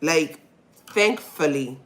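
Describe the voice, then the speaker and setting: A woman's voice: low voice, animated, slow pace. A mother hosting her own podcast, telling a personal story in a candid, rambling way and laughing when nervous.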